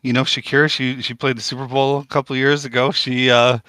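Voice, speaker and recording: A man's voice: medium pitch, flat delivery, a little fast, sharp tone, no room sound. A man performing a mock stand-up routine on a podcast, delivering corny punchlines after rambling setups.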